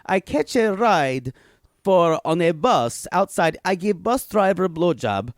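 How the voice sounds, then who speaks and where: A bold, tireless Eastern European woman, put on by a man rattles off broken English with brash deadpan confidence. The voice swings a lot in pitch and sits fairly high. The sound is dry and close, with no room around it. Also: a little slow, no echo, full character voice. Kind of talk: comic improvised character bit.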